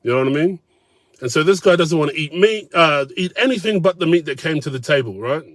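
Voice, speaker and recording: A man's voice: on the high side, animated, fairly quick, no echo. Blunt, profane male storyteller. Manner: blunt, swearing, conversational. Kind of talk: casual profane anecdote.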